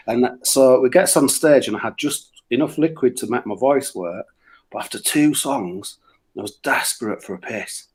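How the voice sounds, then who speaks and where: A man's voice: medium pitch, normal speed. Yorkshire guy, middle-aged, swearing his way thru a funny gig story, super casual. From Yorkshire, England. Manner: crude, swearing, animated anecdotes with put-on voices. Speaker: musician telling stories on a radio show.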